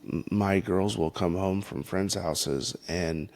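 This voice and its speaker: A man hosting a faith-based parenting podcast, talking in an earnest, halting way with frequent restarts. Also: deep voice, a little mellow. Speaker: podcast host.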